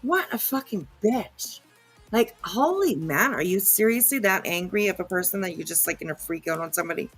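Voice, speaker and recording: A woman's voice: fairly low pitch, expressive, fast talker, few pauses, fairly bright tone, slightly rough, faint music behind. A woman hosting a podcast, giving blunt, indignant reaction commentary on a played clip and swearing freely. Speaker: podcast host.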